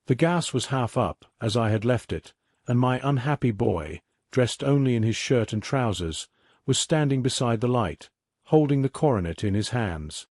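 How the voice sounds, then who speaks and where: Male narrator, sleep story audiobook, mid-range voice, dry close mic, measured reading. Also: mid-range voice, expressive, a little mellow, no room sound.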